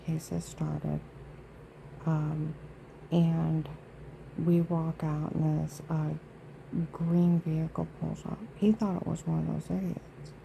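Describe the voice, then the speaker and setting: Gravelly, dark-voiced indignant woman. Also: low-pitched, level tone, takes it slowly, a little hiss or hum, low-quality recording. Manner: indignant, aggrieved and emphatic, with frequent asides. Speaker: vlogger. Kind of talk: rambling monologue to camera.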